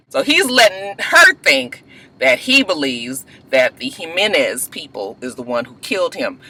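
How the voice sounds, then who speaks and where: High, bright-voiced man recapping a show. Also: a little slow. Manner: casual, profane, animated. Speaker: host. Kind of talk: TV episode recap vlog.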